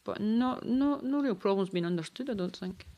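A woman teacher with a Highland Scottish accent, talking matter-of-factly in a group chat. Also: lively intonation, normal speed, warm tone.

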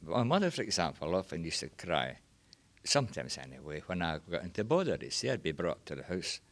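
A man's voice: low-pitched, very animated, brisk. An older man with a Scottish accent, recalling old sayings in a rambling, casual way, full of asides. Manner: rambling, chuckling, peppered with you know. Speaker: reminiscence group member. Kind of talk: casual storytelling.

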